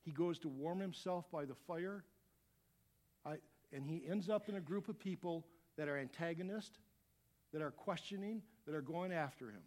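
A middle-aged man preaching a sermon as a pastor, animated, dropping to quiet asides and rising to loud shouts. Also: fairly high pitch, moderate pace.

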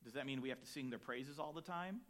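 A man preaching a sermon as pastor, dynamic, shifting between quiet reflective lines and loud emphatic ones, telling personal stories with acted-out quotes. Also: mid-range voice, fast talker. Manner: storytelling with acted quotes and chuckles.

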